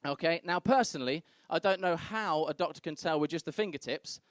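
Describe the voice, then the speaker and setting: A man's voice: a little high, a little fast, no room sound, clean studio sound. A young man telling crude stories on a comedy club stage, acting out the people in them. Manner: brash, crude storytelling, acts out other people's voices. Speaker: stand-up comedian. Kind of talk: stand-up comedy set.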